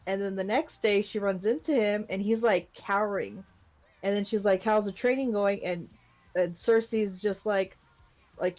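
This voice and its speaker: A young woman co-hosts a podcast, loosely and chattily recapping an anime episode with plenty of fillers and laughs. Her medium-pitched, darkish voice stays fairly even in intonation at a normal speed, with faint music in the background.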